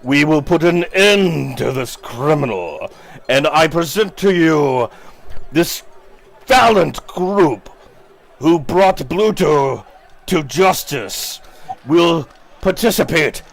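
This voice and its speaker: A man voicing a pompous male town leader who declaims grand speeches to a festival crowd, his voice raised higher and louder than his own. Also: animated, takes it slowly, gravelly, heavily acted. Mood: pompous, proclaiming.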